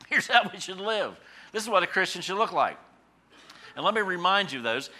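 A man's voice: fairly high pitch, pushed and bright. A man preaching a sermon, conversational and folksy, with fillers and homely stories. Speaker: pastor.

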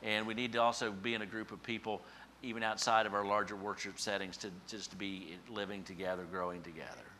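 A man preaching a sermon as pastor, swinging from hushed, slow scripture lines to loud emphatic peaks. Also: lowish voice, fairly even intonation, a little hiss or hum. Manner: emphatic, with dramatic swells and hushed drops; slows down for scripture quotes.

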